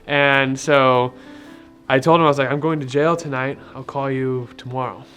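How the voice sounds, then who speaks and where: A man's voice: mid-range voice, steady tone, normal speed, fairly bright tone, soft background music. A young man giving a casual personal faith testimony, rambling and conversational, with many fillers and retold dialogue.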